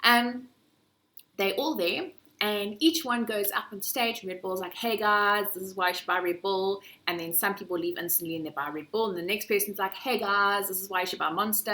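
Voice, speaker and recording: A young woman who runs a marketing agency, giving a lively business presentation and acting out sales pitches.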